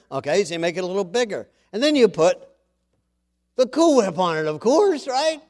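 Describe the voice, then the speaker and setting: A middle-aged male pastor preaching a sermon in a folksy, animated storytelling way. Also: high-pitched, normal speed.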